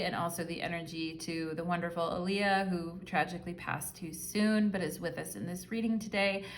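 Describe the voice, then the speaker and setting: A lowish, fairly bright female voice comes through with slight background noise. She's a tarot reader giving a casual pick-a-card reading, speaking to her viewers directly in a chatty, affectionate way with frequent fillers.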